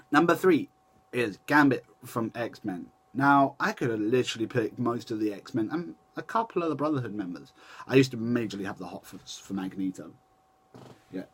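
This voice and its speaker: A man's voice: mid-range voice, husky. A young man talks straight into his camera in a loose, chatty vlog style, his voice sitting in an ordinary middle range. He rambles, breaks off and restarts his sentences, and corrects himself as he goes. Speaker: vlogger. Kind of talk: casual chat to camera.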